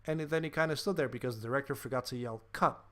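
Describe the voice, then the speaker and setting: A man's voice: medium pitch, very fast, a bit bright. A man hosting a podcast, ranting profanely and animatedly about a film in casual chat, with lots of fillers. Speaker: podcast host.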